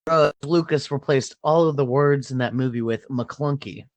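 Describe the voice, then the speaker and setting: A man's voice: medium pitch, moderate pace, no room sound, lo-fi sound. A man in casual podcast chat, joking, laughing a lot and quoting movie lines. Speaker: podcast co-host.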